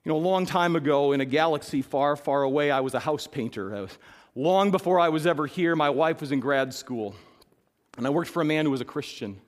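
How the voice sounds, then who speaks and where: A middle-aged man, a pastor preaching a sermon, who climbs to loud emphatic peaks and then drops to soft, reflective storytelling. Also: fairly high pitch, brisk. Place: church sanctuary. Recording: long reverb of a hall.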